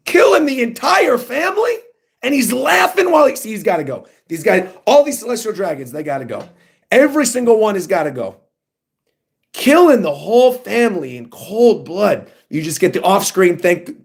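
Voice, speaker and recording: Excitable man reacting to manga live. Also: a little high, slightly rough. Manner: excitable, animated, reads lines in funny voices. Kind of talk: casual livestream reaction, reading manga aloud.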